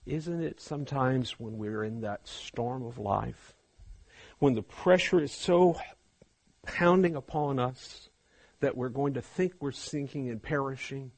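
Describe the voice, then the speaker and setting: Husky-voiced man preaching fervently. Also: mid-range voice, unhurried, dry recording. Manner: swings from hushed to loud and fervent. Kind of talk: sermon.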